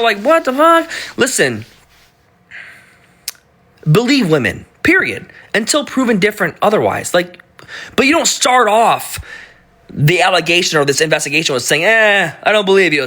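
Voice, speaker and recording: A man's voice: high voice, big pitch swings, fairly quick, bright, forceful tone. A man in his thirties talking casually on a live stream, blunt and profane, often stumbling and restarting his sentences.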